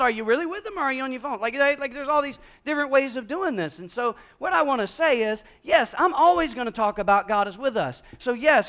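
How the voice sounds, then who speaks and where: A man preaching a conversational sermon, moving from hushed, slow passages to loud, emphatic ones. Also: very high voice. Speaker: pastor.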